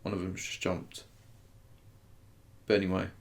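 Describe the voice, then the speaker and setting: A man's voice: low voice, completely flat delivery, unhurried, slight background noise. A young man, a podcast guest chatting casually and laughing as he reminisces, with frequent restarts and fillers. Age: young adult. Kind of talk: casual chat.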